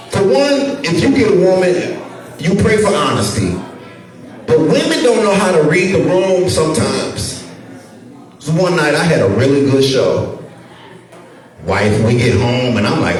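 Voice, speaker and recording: A middle-aged man from St. Louis with a St. Louis accent doing a profane stand-up set, loud and animated, jumping into shouted voices. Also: a little high. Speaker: stand-up comedian. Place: comedy club stage with a laughing audience. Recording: echoey club sound from a distance with crowd noise.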